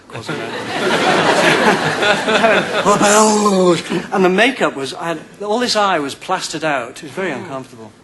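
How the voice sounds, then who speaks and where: A man's voice: a little high, background noise. A man telling silly comic anecdotes as a guest on a chat show, recorded in a television studio with a live audience. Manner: playful, silly, quick comic storytelling. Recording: 1990 TV broadcast, audience laughter. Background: studio audience laughing.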